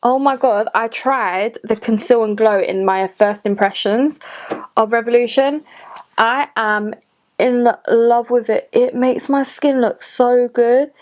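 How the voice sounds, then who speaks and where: A woman's voice: fairly high pitch, fairly even intonation, slow pace. A woman in her late twenties chatting casually through a makeup tutorial, gushing and talking to herself as she goes. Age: late 20s. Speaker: beauty vlogger. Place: home room at a cluttered desk.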